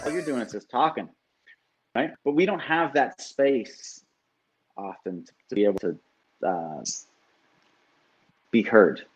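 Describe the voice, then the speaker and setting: A man's voice: mid-range voice, expressive, unhurried, pauses often, breathy edge, poor audio. A man who works as a life coach, talking casually and animatedly, swearing now and then and often asking "right?". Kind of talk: casual podcast conversation.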